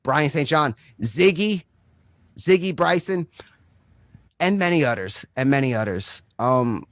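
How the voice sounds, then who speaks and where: A man's voice: fairly high pitch, expressive, measured pace, no room sound, studio quality. Rambling foul-mouthed comedian, man. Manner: rambling, swears constantly, says "right?" often. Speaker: stand-up comedian. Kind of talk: profane stand-up set.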